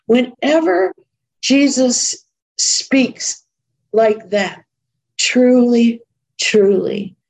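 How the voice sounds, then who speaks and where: A woman's voice: a little high, a little mellow, poor audio. A woman preaching a sermon in an earnest, conversational way, repeating points for emphasis.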